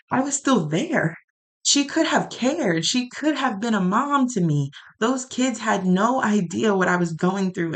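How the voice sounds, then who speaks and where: A woman speaking an emotional prayer aloud, raw, pleading and angry. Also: lowish voice.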